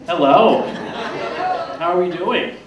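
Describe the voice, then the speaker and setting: A man's voice: high voice, expressive, takes it slowly, lo-fi sound, crowd noise. A man in his thirties doing a self-deprecating stand-up set on a theater stage, acting out other people's lines as he goes. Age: 30s. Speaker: stand-up comedian. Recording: echoey room from far off, loud noise.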